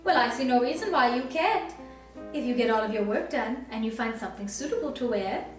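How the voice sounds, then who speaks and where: A woman's voice: on the high side, brisk, far from the mic, natural voice. A woman putting on a bossy stepmother. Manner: commanding, clipped orders. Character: stern bossy stepmother, middle-aged woman. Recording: echoey room, voice from afar, faint music.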